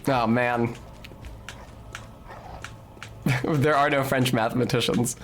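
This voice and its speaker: A man's voice: mid-range voice, steady tone, slow pace, long pauses, slight background noise. A man streaming a video game, chatting casually with viewers in a rambling, joking, profane way. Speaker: game streamer talking to chat. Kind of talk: casual live-stream chatter while playing.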